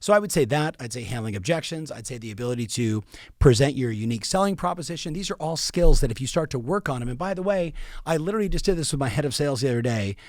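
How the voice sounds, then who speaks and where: A middle-aged man coaching real estate agents in an emphatic, driving way, hammering his points home by repeating phrases. His voice sits at an ordinary pitch and is recorded close and dry, with no room sound around it. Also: expressive, fast talker, a little mellow, dry recording. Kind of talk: coaching talk.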